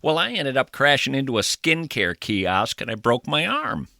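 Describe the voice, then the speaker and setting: A man's voice: mid-range voice, sing-song, normal speed, gravelly, pushed and bright, dry recording, studio quality, exaggerated voice. A man voicing a grown-up small-time former shoplifter who rambles through a boastful story.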